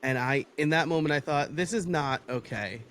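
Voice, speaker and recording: A man from New York, a podcast guest, talking in a measured, reflective way. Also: on the high side, a bit bright, a little hiss or hum. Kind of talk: casual interview talk.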